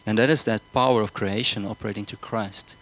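A man with a fairly low, steady voice preaches earnestly and fairly quickly, often repeating words and asking the congregation whether they're following along. His tone is a bit bright, and the recording quality is low.

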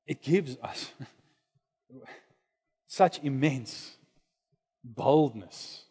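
A man preaching a sermon, dropping to hushed low lines and then rising to loud, high exclamations. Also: slightly rough. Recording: long hall reverb.

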